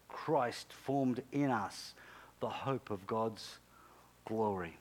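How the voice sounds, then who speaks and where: A man's voice: mid-range voice, slow pace. A male pastor preaching a sermon in an emphatic, repetitive way, punctuated by sudden exclamations.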